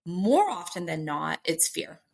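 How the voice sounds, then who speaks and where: A stress coach appears as a guest on a podcast, emphatically explaining her ideas in an interview. She is animated and acts out the voices in people's heads, speaking at a measured pace in a lowish, gravelly voice.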